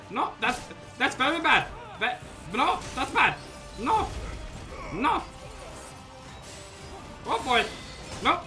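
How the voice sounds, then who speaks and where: High, bright excitable gamer man. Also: slow, long pauses, faint music behind. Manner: excitable, talks to chat viewers. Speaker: streamer playing a video game. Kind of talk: casual gameplay commentary.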